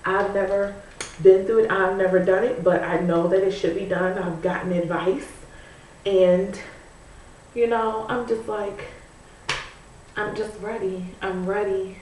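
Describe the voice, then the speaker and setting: A woman's voice: mid-range voice, steady tone, unhurried, long pauses, darkish tone, recorded from a distance. A pregnant woman chatting casually to her camera while she curls her hair, musing and leaning on "you know" and "I'm like.". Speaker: vlogger. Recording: echoey room, voice away from the mic, faint noise.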